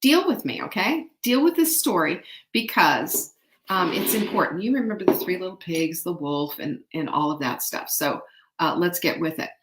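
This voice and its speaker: A woman hosting a show, retelling an old folk tale in an animated, chatty way and often asking the audience to guess what happens next. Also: on the low side, normal speed, heavy background noise. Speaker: show host. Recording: echoey room.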